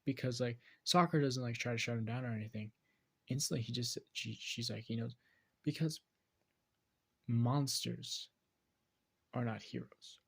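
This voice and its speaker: Brief: man telling a fan story off the cuff, husky, gravelly voice. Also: medium pitch, fairly even intonation, moderate pace. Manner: rambling, many fillers and restarts. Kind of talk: casual fan-fiction narration.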